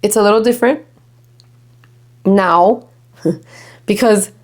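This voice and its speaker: Young woman podcast host from Miami, mid-range pitch, casual, foul-mouthed, giggly. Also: slow pace, a little mellow. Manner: chatty, swears freely, laughs often, mixes Spanish. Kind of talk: casual chat.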